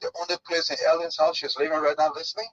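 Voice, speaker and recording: A man, a radio guest telling stories in an animated, dramatic way. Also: a little high, rapid-fire, muffled recording, faint music behind. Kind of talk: casual chat, storytelling.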